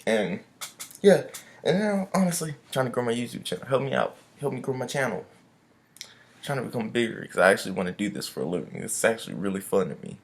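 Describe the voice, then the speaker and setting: A man's voice: mid-range voice, sing-song, fast talker, vocal fry. A young man vlogging a casual storytime rant, loose and chatty, full of "I was like" and slang.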